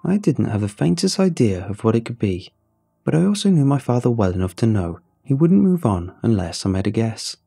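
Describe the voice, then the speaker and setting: A man narrating a horror story in a measured, somber way. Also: mid-range voice, very animated, vocal fry, dark tone, husky. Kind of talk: scripted narration. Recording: faint music under the narration.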